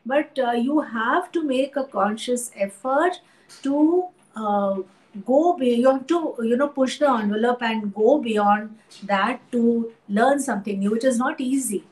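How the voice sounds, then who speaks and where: A woman with an Indian English accent, an art historian and teacher, speaking thoughtfully in an interview with many pauses and fillers. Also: a little high, a little mellow, low-quality recording. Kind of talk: interview conversation.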